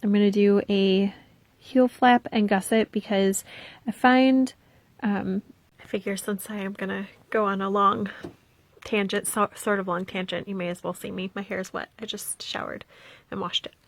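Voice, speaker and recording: A woman's voice: mid-range voice, fairly even intonation, normal speed. A young woman chatting casually as she knits for her vlog, rambling on with asides and frequent "um"s. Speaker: knitting vlogger. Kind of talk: casual knitting vlog chat.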